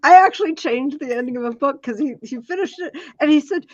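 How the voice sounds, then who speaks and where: A woman's voice: high voice, fast, muffled recording, a little hiss or hum. A woman co-host on a video call in casual chat, telling a story with frequent laughter. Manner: laughs often, lively storyteller.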